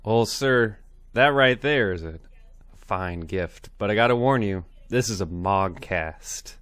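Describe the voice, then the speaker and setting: A man's voice: on the low side, expressive, takes it slowly, fairly bright tone, faint music behind. A man putting on a put-on Southern drawl to play a folksy male shopkeeper handing out warnings about rules. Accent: put-on American Southern. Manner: drawling, with stern rule-giving warnings.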